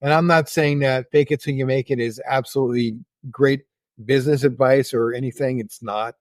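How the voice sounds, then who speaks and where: A man's voice: mid-range voice, fairly even intonation, fairly quick, no room sound. A man co-hosting a podcast, talking casually and reflectively, now and then repeating himself. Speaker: podcast co-host. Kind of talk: casual chat.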